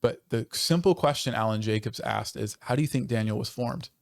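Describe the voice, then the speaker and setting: This is a pastor's medium-pitched voice with vocal fry, captured dry in studio quality. Earnest and passionate, he chats on a church podcast, picking up speed when stirred and repeatedly restarting what he's saying.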